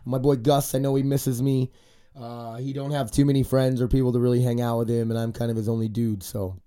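A man's voice: mid-range voice, level tone, fairly quick, warm tone, clear, resonant tone. A man in his forties hosting a casual podcast, rambling and cursing, his voice stuffy and congested from a cold. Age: 40s. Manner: profane, rambling, ranting. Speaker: podcast host.

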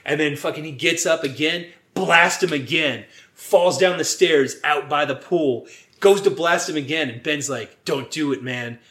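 An animated man co-hosting a casual podcast, retelling a movie scene by scene. His voice sits a little high, and he throws himself into quoting the characters with a lot of swearing. The room around him rings with echo. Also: measured pace. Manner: animated, swears often, acts out quotes. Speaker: podcast co-host. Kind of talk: casual chat recapping a movie.

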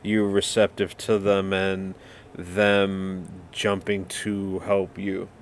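A man hosts a podcast interview, drawing out his guest with gentle, probing questions. His voice sits on the low side and he talks at an unhurried pace, with faint background noise. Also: monotone. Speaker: podcast host.

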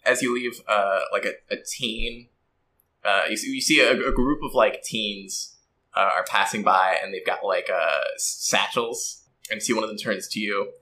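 A man's voice: lowish voice, steady tone, normal speed, sharp tone, a little hiss or hum, rough recording. A man narrating as game master in a tabletop game, hesitant and often laughing.

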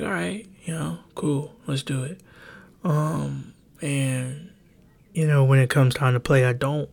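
A man's voice: mid-range voice, creaky, a little mellow. A young man hosting a solo podcast, talking hesitantly and openly, with many ums and restarts, close to a home microphone. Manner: rambling, hesitant, full of ums and self-corrections. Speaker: podcast host. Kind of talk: solo confessional podcast talk. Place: home bedroom. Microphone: close desk microphone.

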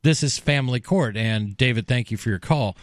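A man's voice: medium pitch, a little fast, dry recording, studio quality. A man hosting a talk radio show, giving emphatic, opinionated commentary.

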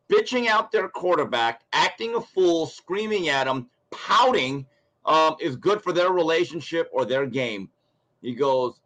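A man talking sports in a blunt, ranting way. His voice sits a little on the high side, and he acts out other people's quotes as he goes. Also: a bit bright, poor audio. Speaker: guest commentator. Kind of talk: opinionated sports talk.

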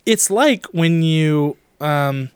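A man's voice: fairly high pitch, animated, drawn-out words, clear, resonant tone, dry recording, clean studio sound. A man co-hosting a podcast in casual chat, joking and self-deprecating, still recovering from bronchitis. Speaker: podcast co-host.

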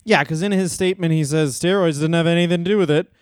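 A man's voice: on the high side, fast talker, no echo. A man co-hosting a comedy podcast, recounting stories in casual chat on a close podcast mic. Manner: storytelling, laughs easily. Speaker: podcast co-host.

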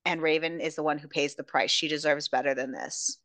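A woman's voice: fairly even intonation, brisk, fairly bright tone, dry recording. A woman doing a weary, cornered husband. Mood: stern. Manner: low and tired.

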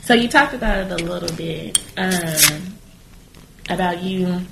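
A woman's voice: fairly low pitch, measured pace, creaky. A woman hosting a podcast, chatting casually and laughing easily with her guest. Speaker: podcast host. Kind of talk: casual interview chat. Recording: echoey room, faint noise.

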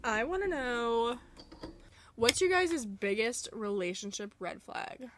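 A woman's voice: on the high side, big pitch swings, takes it slowly. Upbeat young woman podcast co-host. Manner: laughs easily, hums a thinking noise. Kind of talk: casual chat.

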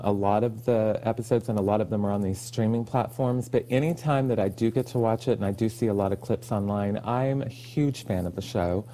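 A man from Oklahoma with a lowish voice, recorded with a slight hiss or hum, is a podcast guest telling stories in casual conversation. He's an animated storyteller who laughs easily and acts out the lines he quotes.

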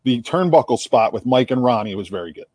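A man with a South Jersey accent co-hosts sports radio in a casual, rambling way, echoing his own words as he thinks. He sounds animated and quick, with a medium pitch and darkish tone, and there's no room sound.

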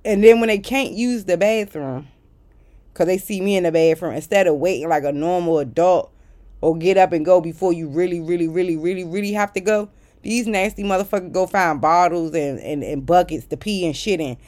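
A woman telling a casual storytime rant to her viewers, blunt and profane and exasperated, swinging between loud outbursts and muttered asides. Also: on the low side, fairly quick. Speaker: vlogger.

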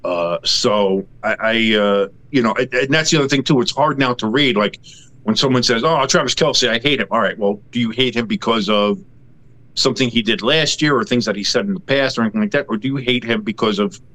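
A man co-hosting a casual sports podcast, talking in a rambling, halting way with many fillers and restarts. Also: medium pitch, fairly bright tone. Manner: rambling, halting with many fillers, then a profane ranting tirade.

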